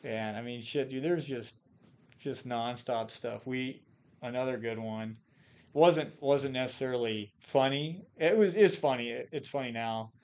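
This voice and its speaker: A man's voice: mid-range voice, unhurried, darkish tone. A man from Idaho, a podcast guest and former Marine, telling casual stories in a profane, rambling way full of fillers and restarts. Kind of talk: casual storytelling.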